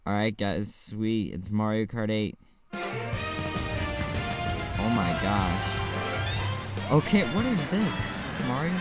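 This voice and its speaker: Excitable young man reacting to a trailer. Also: lowish voice, slow, long pauses, over loud music. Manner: excitable, shouts and squeals in reaction; rambling, many fillers and restarts. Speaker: gaming channel host. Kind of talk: casual gaming video commentary.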